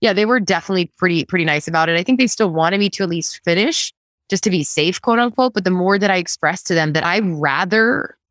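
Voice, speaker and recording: A woman guest in a casual interview, telling her story with laughs and acting out quotes in a higher voice. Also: fast talker, no echo, clean studio sound. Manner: animated, laughs often, acts out quotes in a higher voice.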